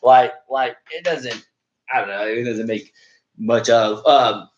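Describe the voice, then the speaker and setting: A man co-hosting a casual podcast chat, blunt and quick to swear. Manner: fast, blunt, swears freely. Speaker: podcast co-host. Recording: roomy, dull low-fi sound.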